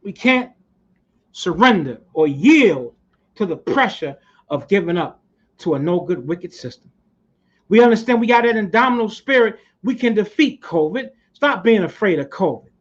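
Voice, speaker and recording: A man in a fiery, preaching motivational speech, with a high, ringing voice and a blunt, profane edge. The recording is dull and lo-fi, with little top end. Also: animated, moderate pace. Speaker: speaker at a community society. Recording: muffled lo-fi recording.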